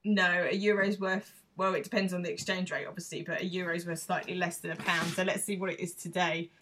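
Woman podcast host, lowish voice, chatty, lots of ums. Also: a little fast, noisy background. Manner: chatty, relaxed, with filler ums. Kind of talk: casual chat recapping a TV episode.

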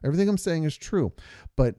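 A man's voice: fairly high pitch, animated, quick pace, mellow, no room sound, clean studio sound. A man co-hosting a podcast with his wife, talking earnestly through long examples and stories. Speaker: podcast co-host. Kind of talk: casual podcast conversation.

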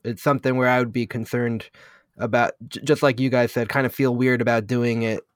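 A man hosting a podcast, responding to his guest in a measured, agreeable way. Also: mid-range voice, fairly even intonation, smooth, no echo, studio quality. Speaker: podcast host. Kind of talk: casual chat.

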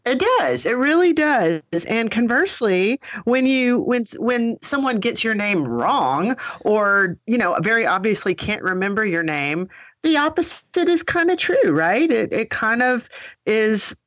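A middle-aged woman hosting a podcast, talking to her listeners in a chatty, animated way. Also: on the high side, unhurried, no echo, highs cut off. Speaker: podcast host. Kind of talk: casual podcast chat.

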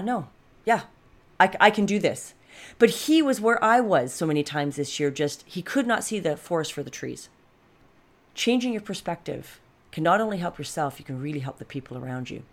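A woman in her fifties giving a frank, reflective personal monologue as a life coach, speaking directly to her viewers. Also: low-pitched. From Canada. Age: 50s. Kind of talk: candid personal monologue to camera.

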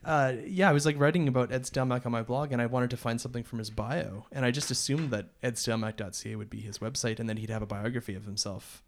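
A man co-hosts a podcast and tells a story in a loose, rambling way. He restarts his sentences often and laughs now and then. His voice sits at a middle pitch. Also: fairly even intonation, fast talker, few pauses, slight background noise. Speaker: podcast co-host. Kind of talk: casual storytelling chat.

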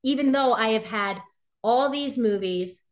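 A middle-aged woman being interviewed, animated and laughing often, acting out quoted voices as she tells stories. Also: a little high, a little slow. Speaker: interview guest. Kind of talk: casual interview talk.

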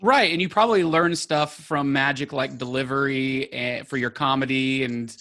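A man's voice: mid-range voice, normal speed, sharp tone. A man hosting an interview, asking friendly questions and piling on follow-ups. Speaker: interview host. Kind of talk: casual interview.

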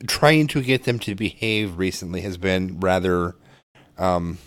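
A man's voice: sits low, unhurried, no room sound. Guy swearing a lot, rambling about his kids on a podcast, dry close mic. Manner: profane, rambling storyteller. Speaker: podcast co-host, father. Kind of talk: casual chat.

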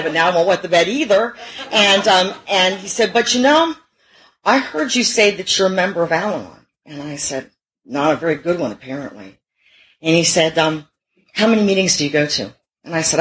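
A woman's voice: sits low, poor audio. A middle-aged woman telling her own recovery story to a meeting, candid and self-mocking, with wry humor. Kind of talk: personal recovery talk.

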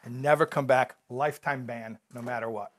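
A man voicing a fed-up male bartender who gruffly orders a customer out, in a joke. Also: mid-range voice, steady tone, brisk, fairly bright tone, natural voice. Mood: stern.

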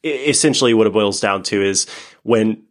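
A man with a Midwestern American accent talks in an easygoing, rambling way, restarting sentences and laughing easily. His voice sits a little low. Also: normal speed. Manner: chatty, many fillers and restarts, laughs often. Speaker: podcast guest. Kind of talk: casual interview talk.

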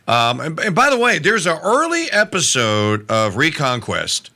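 A man's voice: on the high side, wildly swooping pitch, unhurried, sharp tone. A man hosting a casual chat, playful and laughing often. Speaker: podcast host.

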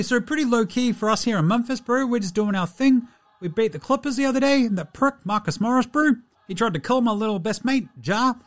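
Doing an exaggerated New Zealand accent, a man plays a relaxed young basketball player from there, drawling and ending every phrase with "Brew" and "eh." His voice comes out very high-pitched.

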